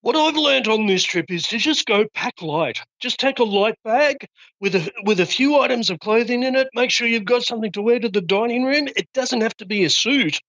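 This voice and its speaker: A man with an Australian accent, a guest cruiser chatting casually in an interview, relaxed and tripping over repeated words as he finds his phrasing. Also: very high voice, moderate pace, no room sound, lo-fi sound.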